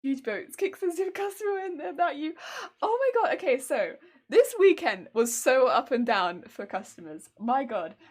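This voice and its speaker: A young woman chatting casually on a crafting live stream, telling stories in an animated way and answering chat. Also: high voice, normal speed. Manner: chatty, animated storytelling, reads chat aloud.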